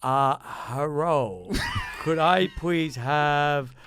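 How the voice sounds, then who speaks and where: A man doing a slow, halting caller voice with exaggerated broken English as a comedy bit in podcast chat. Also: fairly high pitch, background noise. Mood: mocking.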